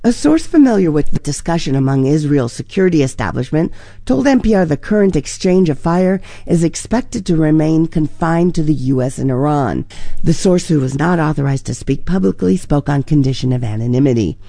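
A woman correspondent reports the news in an even tone, with a gravelly, dark voice. The recording is dry and close. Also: low voice, fairly quick, no echo. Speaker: foreign correspondent.

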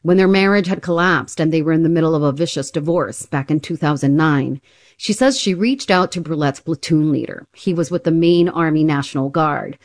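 A woman radio reporter delivering a news story in a clear, even reporting style. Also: deep voice, a little fast, no room sound, clean studio sound.

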